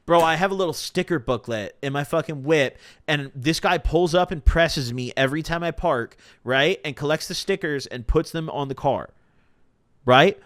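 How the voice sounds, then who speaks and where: Studio-quality and dry, the recording has a young man hosting a podcast live stream, his voice fairly high and his speed normal. He spins animated stories loaded with slang and profanity in a casual style.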